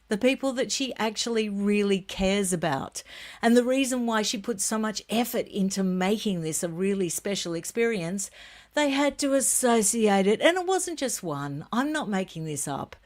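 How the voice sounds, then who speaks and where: A middle-aged woman hosting a royal commentary vlog, chatting in a gossipy, expressive way and laughing often. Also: mid-range voice.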